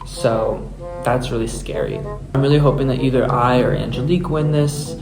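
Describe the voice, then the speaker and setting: A man's voice: medium pitch, steady tone, moderate pace. Young male contestant, casual scheming confessional, echoey room, music under. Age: young adult. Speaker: reality game contestant. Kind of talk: confessional to camera.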